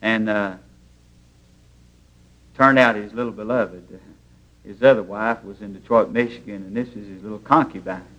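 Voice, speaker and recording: A man's voice: fairly low pitch, steady tone, moderate pace, long pauses, fairly bright tone, muffled recording. A man preaching a sermon in a church, telling stories in plain, homespun grammar. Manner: folksy storytelling preaching, plain rural grammar.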